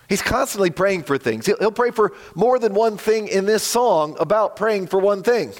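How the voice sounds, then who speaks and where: Earnest preacher man in a reverberant hall. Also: high-pitched. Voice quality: croaky. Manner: earnest, emphatic preaching with slow dramatic drops. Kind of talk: sermon.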